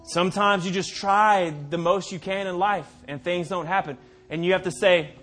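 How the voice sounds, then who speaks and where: Male pastor, fairly high voice, sermon delivery, dramatic loud-to-quiet swings, drawn-out emphasis. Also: faint music behind. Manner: preaching with dramatic swings from booming to hushed; slows right down to stress key phrases.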